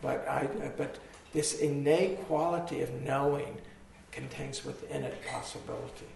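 A hoarse man giving a slow, reflective dharma talk to a group, pausing as he thinks. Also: medium pitch, steady tone, a little mellow. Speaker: meditation teacher. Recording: echoey hall from far off, faint noise.

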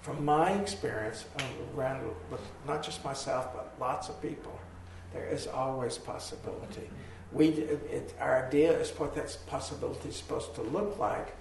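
A hoarse man giving a slow, reflective dharma talk to a group, pausing as he thinks. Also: medium pitch. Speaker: meditation teacher. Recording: echoey hall from far off, faint noise.

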